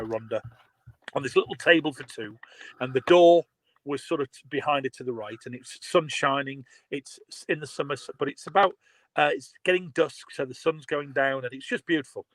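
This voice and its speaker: Bright-voiced man telling a story. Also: mid-range voice, no echo, poor audio. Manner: animated storyteller, laughs often. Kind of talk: casual video call chat. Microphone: video call.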